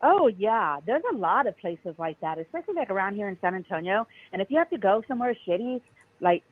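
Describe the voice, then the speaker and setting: Caller on a thin phone line, relaxed and agreeable, lots of fillers. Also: medium pitch, quick pace. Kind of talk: casual phone call-in chat.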